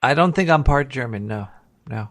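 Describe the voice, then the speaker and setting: A man's voice: mid-range voice, expressive, normal speed. A man hosting a casual talk show, loose and joking, who swears freely. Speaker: podcast host. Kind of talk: casual chat.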